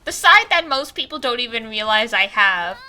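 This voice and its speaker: Bright, high-voiced giggly young woman streamer. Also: expressive, moderate pace, soft background music. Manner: giggly, rambling with many fillers. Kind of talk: casual gaming stream chat.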